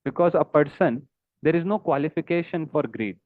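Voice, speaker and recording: A man's voice: fairly high pitch, expressive, normal speed, no room sound. A man giving a devotional lecture in an earnest, pleading tone, mixing in chanted verse lines. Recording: dry, phone-like narrow sound.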